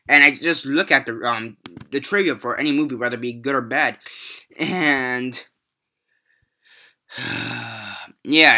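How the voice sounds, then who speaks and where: A young man rants about films in a loose, rambling way, swearing often and sounding exasperated. His voice is very bright and sharp, at a middling pitch. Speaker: movie reviewer. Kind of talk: casual ranting review.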